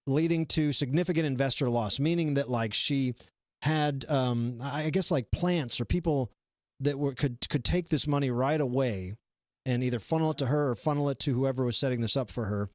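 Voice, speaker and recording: A man's voice: mid-range voice, moderate pace, dry recording, studio quality. A man hosting a comedy live stream, chatting casually and rambling with lots of fillers and restarts. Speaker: comedy show host.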